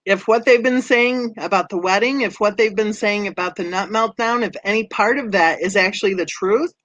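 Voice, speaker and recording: A woman hosting a true crime channel, chatting with viewers and reading their comments, conversational and quick to laugh. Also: mid-range voice, a bit bright, no room sound, muffled recording. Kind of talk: livestream chat reading comments.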